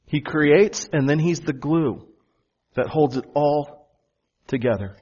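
A man preaching a sermon to his church, earnest, slowing down and stressing key phrases. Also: fairly high pitch, a little mellow, husky, lo-fi sound. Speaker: pastor.

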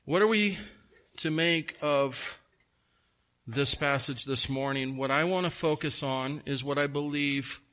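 Man preaching, bright, slightly high voice, emphatic stresses. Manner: emphatic, slows and stresses key words; folksy asides. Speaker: pastor. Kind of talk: sermon.

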